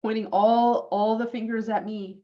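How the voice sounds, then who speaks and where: A woman in her forties telling a personal story on her vlog. She is animated and acts out what other people said, using it to coach business owners. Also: fairly high pitch, normal speed, highs cut off. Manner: animated, acts out quoted lines.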